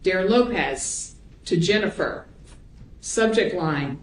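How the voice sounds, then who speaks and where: A woman prosecutor examining a witness in court, reading emails aloud in a measured, plain way. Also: on the low side, darkish tone, slight background noise. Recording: roomy courtroom audio.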